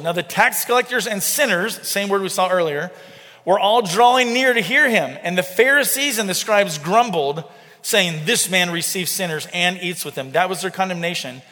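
A man's voice: sits high, bright, forceful tone. A man in his thirties preaching a sermon, conversational and often checking in with the congregation. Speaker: pastor. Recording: reverberant hall.

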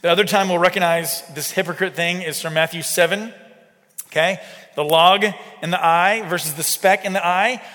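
A man's voice: high-pitched, fairly even intonation, normal speed, pushed and bright. A middle-aged man preaching in a conversational, emphatic way with frequent rhetorical asides. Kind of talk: sermon-style teaching. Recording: long hall reverb.

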